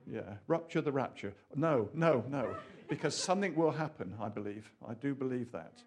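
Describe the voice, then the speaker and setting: A man preaching a sermon in an animated, rambling way, full of asides and questions to the audience. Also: mid-range voice, moderate pace.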